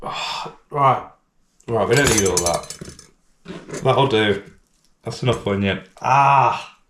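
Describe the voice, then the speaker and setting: A man talks his way through a home cooking vlog. He rambles, mocks himself and swears freely, in a mid-range voice. The kitchen is echoey, and pots and cutlery clatter loudly in the background. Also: mid-range voice, slow pace, background noise. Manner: rambling, self-mocking, swears a lot. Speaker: cooking channel host.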